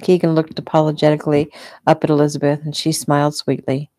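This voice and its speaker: Author reading her novel at home, a woman with a low, mellow voice, dry close sound. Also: quick pace, no echo. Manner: relaxed, unpolished reading with small slips. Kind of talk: casual read-aloud narration.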